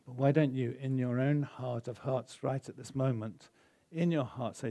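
A man's voice: mid-range voice, fairly even intonation, moderate pace, warm tone, dry recording. A man preaching a sermon, telling a story with feeling and building to an urgent call to faith before leading a prayer. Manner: storytelling, building to emotional exhortation. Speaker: pastor.

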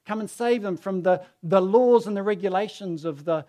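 A man's voice: high voice, normal speed, mellow. A man preaching a sermon who tells the story casually and acts out the quoted voices.

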